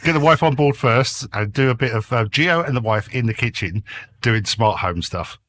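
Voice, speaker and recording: On a casual podcast, a guest YouTuber with a medium-pitched, expressive and fairly bright voice speaks at normal speed, chatting and joking. He breathes a bit heavily into his noise-cancelled headset mic.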